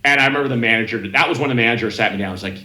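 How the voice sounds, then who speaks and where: Bright-voiced man telling rambling stories. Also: mid-range voice, very fast, reverberant, a little hiss or hum, poor audio. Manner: rambling, self-interrupting anecdotes with quoted voices. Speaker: comedian guest. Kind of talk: casual podcast storytelling.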